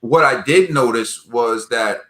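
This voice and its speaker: A man from the United States, a guest on a live stream, talking in a relaxed, thoughtful way. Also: medium pitch, a little slow. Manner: relaxed, thoughtful, many fillers. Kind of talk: casual live-stream chat. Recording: echoey room.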